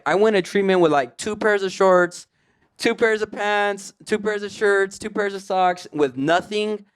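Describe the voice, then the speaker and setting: A man's voice: sits high, measured pace, a bit bright, clean tone. A man, a podcast guest in recovery, telling his story in casual slang, full of "like" and "you know what I mean".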